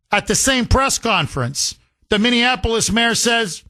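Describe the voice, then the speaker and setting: A man hosting a talk radio show, his voice high and bright, swinging widely in pitch. He fires off sarcastic rhetorical questions and hammers his points with repetition. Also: expressive, a little slow. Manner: emphatic with repetition. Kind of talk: political talk radio monologue.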